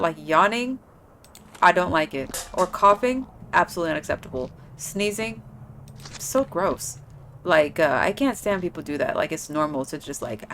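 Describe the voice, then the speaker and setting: Female streamer, lower register, loose rambling chat over gameplay, light background noise. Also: a bit bright. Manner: rambling, chatty, lots of "like" fillers. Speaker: gaming streamer.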